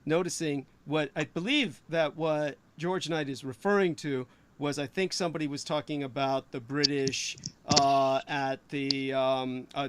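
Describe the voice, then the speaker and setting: A man's voice: fairly high pitch, clean tone. A man hosting a casual panel chat. He tells his stories with animation and puts rhetorical questions to his audience. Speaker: podcast host.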